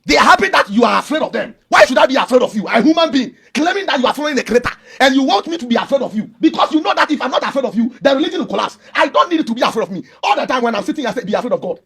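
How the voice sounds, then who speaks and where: A man's voice: extremely high pitch, animated, very fast, vocal fry, few pauses, pushed and bright, husky. A man, arguing emphatically and preachily in a heated religious debate and repeating his points. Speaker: Christian debater.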